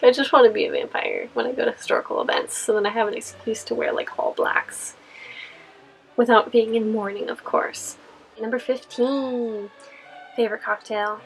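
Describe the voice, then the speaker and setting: Casting: young californian woman, chatty vlogger, a touch high-pitched, light music under. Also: poor audio. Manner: chatty, rambling, frequent fillers and laughs. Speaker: costume vlogger. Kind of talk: casual Q&A vlog.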